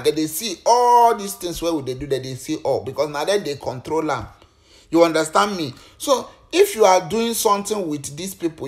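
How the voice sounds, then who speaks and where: A Nigerian man speaking Nigerian Pidgin English, giving preachy, repetitive advice in a casual monologue. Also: fairly high pitch.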